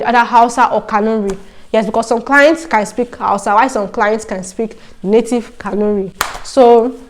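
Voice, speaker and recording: Animated Nigerian woman vlogger. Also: a little high. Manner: animated storytelling, mixing in Pidgin. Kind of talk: casual vlog talk.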